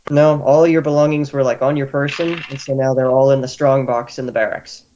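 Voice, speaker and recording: A man narrates a tabletop game as its game master. He lays out scenes in a relaxed, descriptive way at an average pitch. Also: brisk, muffled recording, slight background noise.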